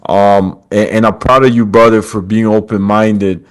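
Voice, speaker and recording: A man's voice: fairly low pitch, level tone, moderate pace, smooth. A man hosting a podcast over a video call, retelling a story with quoted lines and calling his guest brother. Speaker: podcast host. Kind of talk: casual storytelling chat.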